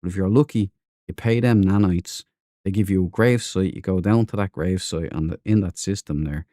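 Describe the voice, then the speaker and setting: A man's voice: sits low, moderate pace, warm tone, no echo. An Irish man streaming a space game live, rambling and chatty, with slangy asides. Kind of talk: casual live-stream chat.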